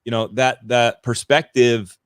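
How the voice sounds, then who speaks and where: A man of ordinary pitch hosts a casual podcast interview. He thinks aloud, restarts his phrases, and asks reflective questions, and his voice sounds dry and close. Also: steady tone, measured pace, a bit bright, clean tone, no room sound. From California. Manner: reflective, searching, with frequent restarts. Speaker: podcast host.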